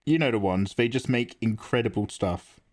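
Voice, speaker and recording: A man's voice: medium pitch, moderate pace, darkish tone. A man casually chatting on an art livestream, reading out viewer comments and answering them as he draws. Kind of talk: casual livestream chat while drawing.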